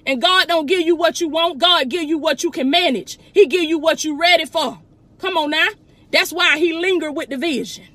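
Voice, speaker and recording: Southern woman motivational speaker, high voice, fervent sermon-style preaching, recorded on a phone. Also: normal speed, pushed and bright, dry recording. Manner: fervent preaching, calls listeners "baby", exclaims "glory be to God". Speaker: motivational speaker and life coach. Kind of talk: preaching to online viewers. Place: inside a truck.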